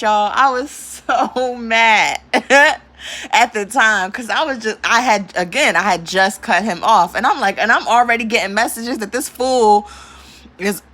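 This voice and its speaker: A woman vlogging in a casual, storytelling rant, with a bright, forceful edge to her voice. She talks animatedly, breaks into laughter often and curses without holding back. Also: on the high side. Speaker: spiritual vlogger.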